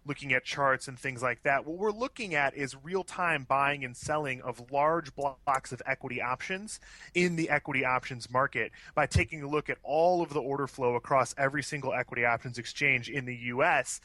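A man with a Chicago accent giving quick, fluent interview answers as an options trading expert, with small restarts now and then. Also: mid-range voice, bright, forceful tone, no echo.

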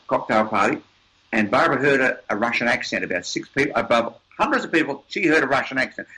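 An older man speaks in a forceful, bright voice as he tells stories in an interview. He hammers his points with emphasis and often repeats words as he builds toward a lesson. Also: medium pitch, low-quality recording. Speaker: interview guest, seminar presenter. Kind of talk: storytelling conversation.

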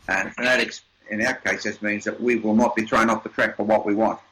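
An older man speaks in a forceful, bright voice as he tells stories in an interview. He hammers his points with emphasis and often repeats words as he builds toward a lesson. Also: lowish voice, fairly even intonation, brisk, rough recording. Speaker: interview guest, seminar presenter. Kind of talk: storytelling conversation.

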